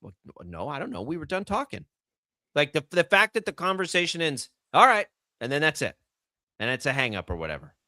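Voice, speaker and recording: A man's voice: fairly high pitch, wildly swooping pitch, fairly quick, pushed and bright, no room sound, studio quality. A middle-aged man hosting a sports radio show, ranting incredulously in casual banter.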